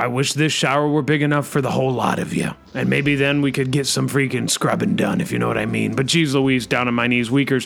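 A man's voice: medium pitch, vocal fry, a bit bright. A man hosting a comedy podcast, bellowing catchphrases and stuffing "freaking" into every phrase. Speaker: podcast host. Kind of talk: comic rant in character.

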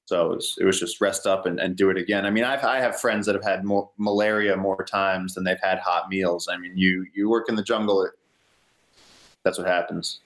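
A young man casually telling a story in an interview, rambling and relaxed, with many "like" fillers. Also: sits low, brisk. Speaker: guest, ecotourism company owner.

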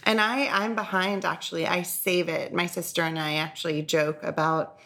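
A woman with a Southern US accent co-hosting a podcast in casual chat, telling stories in an animated, chatty way. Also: fairly low pitch, normal speed, creaky. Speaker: podcast co-host.

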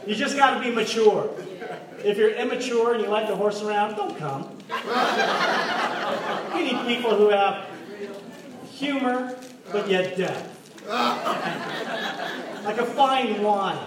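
A man's voice: sits high, takes it slowly, long pauses. A man preaching a sermon in a church, joking and asking the congregation questions. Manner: playful, jokes and asks the congregation questions. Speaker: pastor. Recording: echoey hall from far off, faint noise.

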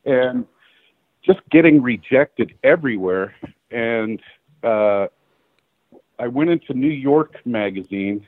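A middle-aged male photographer tells stories from his career in a loose, animated way, full of "uh" and "you know." He voices the people in his stories. His voice is mid-pitched and comes over a dry, narrow, phone-like line. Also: slow, long pauses, no echo. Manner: animated storyteller acting out quoted dialogue, laughing. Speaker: guest photographer. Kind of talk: casual storytelling interview.

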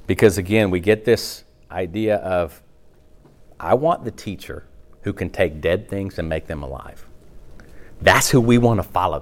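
A middle-aged man, a pastor, preaching a sermon in an animated, conversational way, often checking in with his listeners. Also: mid-range voice.

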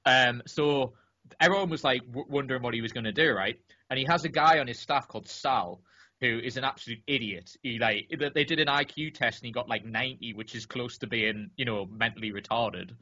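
A man chatting on a podcast, spilling out an anecdote in an animated, rambling way and tripping over his own restarts. His voice is bright and forward, and the recording is dull and lo-fi. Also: medium pitch, a little fast. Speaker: podcast co-host or guest. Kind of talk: casual podcast chat, telling a story.

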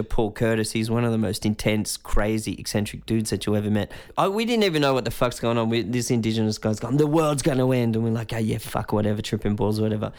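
An Australian man in his forties, a musician, telling a loose, rambling story with plenty of swearing and acted-out voices. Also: fairly low pitch. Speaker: musician guest. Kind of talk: casual storytelling in conversation.

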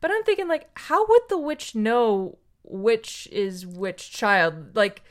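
Woman podcast co-host, higher voice, lively storytelling chat that slips into the characters' lines. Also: takes it slowly. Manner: animated storyteller, acts out quoted voices. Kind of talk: casual chat retelling a picture book.

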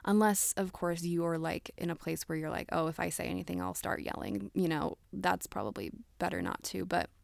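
A woman's voice: fairly low pitch, gravelly, darkish tone, no echo. A young woman hosting casual relationship advice talk, chatty with lots of fillers, acting out example conversations. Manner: chatty, many fillers like "like" and "you know", acts out example dialogue.

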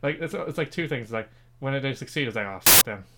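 A quick-fire Irish man trading casual banter as a podcast co-host. His pitch sits in the middle range, and he hands out blunt opinions with a deadpan tone. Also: very noisy. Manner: blunt, deadpan hot takes.

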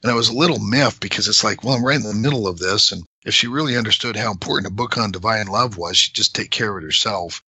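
A middle-aged man explaining scripture in a measured, conversational way, sometimes emphatic. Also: lowish voice, pushed and bright, breathy edge, no echo, low-quality recording.

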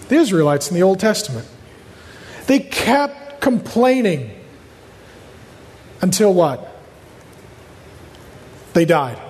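A man preaching a sermon as pastor, joking with the congregation and acting out quoted voices. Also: high-pitched. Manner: animated, acts out quoted voices, jokes with the congregation. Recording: echoey hall reverb.

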